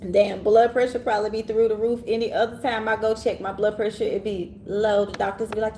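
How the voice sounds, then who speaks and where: A woman reader hosting a casual livestream, animated and laughing often, talking straight to her viewers in a room in the city. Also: mid-range voice, fairly quick, few pauses, slight background noise. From Orange Mound, Memphis area, USA. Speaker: tarot reader and livestream host. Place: city hotel room, sirens outside.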